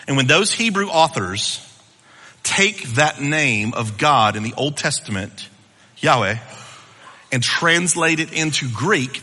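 A man preaching a sermon, teaching in an animated, conversational way with asides to his listeners. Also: mid-range voice, measured pace. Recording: long reverb of a hall.

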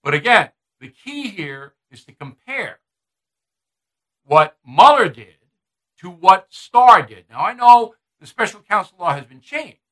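Brief: emphatic, combative man doing opinion commentary, sharp and high-pitched. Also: big pitch swings, unhurried, low-quality recording.

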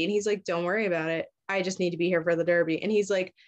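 Speaking with a fairly low pitch and steady tone over lo-fi audio, a young podcast host recounts a story casually. Her telling is profane and loose, with quick voiced impressions of the characters.

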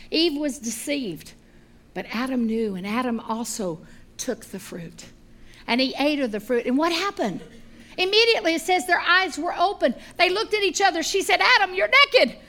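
A middle-aged woman preaches in a high, bright voice. She tells the story with animated, humorous energy, swinging between loud emphasis and hushed asides. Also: normal speed. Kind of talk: sermon.

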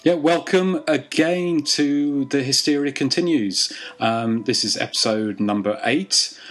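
A man hosting a podcast in casual chat, hesitant with many pauses and restarts. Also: medium pitch, soft background music. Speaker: podcast host.

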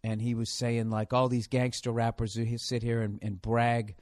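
A man's voice: medium pitch, flat delivery, moderate pace, a little mellow, no room sound, clean studio sound. A man hosting a solo podcast, rambling in a sarcastic, profanity-heavy rant. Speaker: podcast host.

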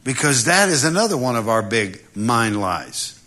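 A preacher delivering a sermon with a bright, clear tone. He is animated and humorous, slipping in quick acted-out voices as he goes. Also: mid-range voice.

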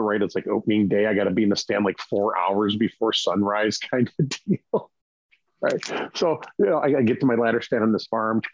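A man casually telling hunting stories, lively, acting out quotes in a raised voice and laughing often. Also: medium pitch, breathy edge, no echo, highs cut off. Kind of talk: casual storytelling.

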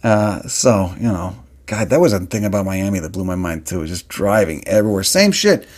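A man's voice: low-pitched, lively intonation, moderate pace. A man hosting a solo podcast, ranting in a heated, profane, worked-up way while talking about a plant he is looking at. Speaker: podcast host. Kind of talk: casual solo podcast rant.

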